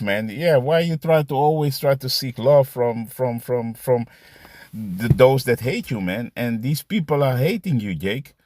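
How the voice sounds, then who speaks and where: A man's voice: lowish voice, expressive, slow pace, darkish tone, dry recording. A man preaching casually, often tagging "man" and "you see" onto his points and laughing between them. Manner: repetitive, ends phrases with "man" and "you see". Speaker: street preacher. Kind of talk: casual preaching with scripture readings.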